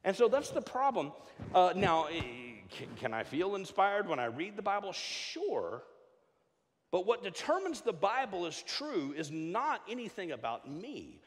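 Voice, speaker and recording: A middle-aged man preaching a sermon in a church, joking and stammering through quick restarts. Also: sits high. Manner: animated, jokey preaching with frequent stammered restarts. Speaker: pastor. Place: church sanctuary. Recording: long hall reverb.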